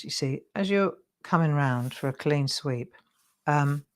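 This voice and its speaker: A woman's voice: sits low, sing-song, a little slow. A middle-aged woman hosting a live craft show, chatty, encouraging and self-deprecating as she demonstrates.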